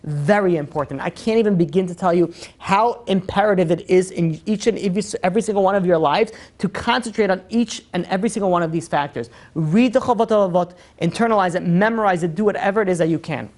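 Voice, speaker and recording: Rabbi guy giving a class, talks super fast, lots of you know's. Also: high voice. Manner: animated, chatty, full of "you know". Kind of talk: lively lecture to a live group.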